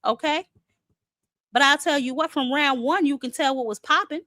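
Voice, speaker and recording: A woman's voice: sits high, normal speed, noisy background. A woman host, giving sassy, chatty boxing commentary full of fillers. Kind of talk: casual commentary.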